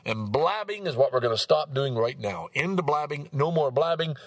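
A man's voice: a little high, expressive, moderate pace, no room sound. A man hosting a solo podcast, rambling bluntly and swearing freely as he drifts from topic to topic. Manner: profane, blunt, digressive. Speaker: podcast host.

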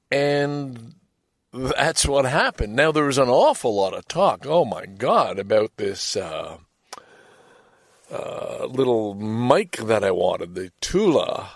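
Rambling man with a lively voice. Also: medium pitch, no room sound, clean studio sound. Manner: rambling, reflective, with many restarts. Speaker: podcaster. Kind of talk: casual solo podcast monologue.

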